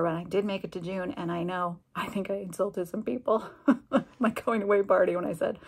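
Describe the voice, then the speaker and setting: A woman's voice: medium pitch, steady tone, quick pace, gravelly, husky. A middle-aged woman, a former special education teacher, candidly telling a personal story in a vlog and acting out the conversations she quotes. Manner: candid, conversational, acts out dialogue with quoted voices.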